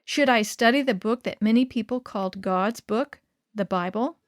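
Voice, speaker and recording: A woman reading a first-person story aloud in an earnest, measured storytelling manner. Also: fairly high pitch, dry recording, studio quality.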